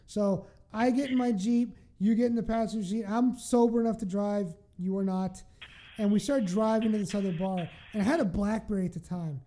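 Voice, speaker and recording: A woman telling a wild story in casual chat, animated, swearing and laughing as she goes. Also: mid-range voice, a little fast.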